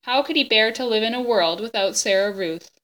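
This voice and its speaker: Bright-voiced woman reading a storybook aloud. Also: on the high side. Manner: gentle, expressive, pauses to explain. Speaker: reader of a children's book. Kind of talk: reading a chapter book aloud to children.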